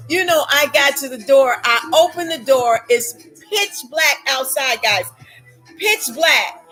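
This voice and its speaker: Lively high-voiced American woman storyteller. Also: slow, soft background music, low-quality recording. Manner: dramatic, laughs often, acts out her own shouts. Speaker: vlogger telling a travel story. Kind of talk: animated storytelling to viewers.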